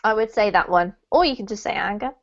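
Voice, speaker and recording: A woman's voice: mid-range voice, fast talker, dull audio. A woman English teacher patiently correcting a student's writing in an online lesson, reading passages aloud and explaining.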